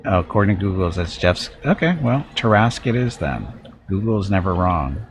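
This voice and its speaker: A man's voice: sits low, lively intonation, brisk. A man with a Southern Californian accent giving rambling, self-deprecating commentary while live-streaming a game. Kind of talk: casual live gameplay commentary. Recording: noisy background.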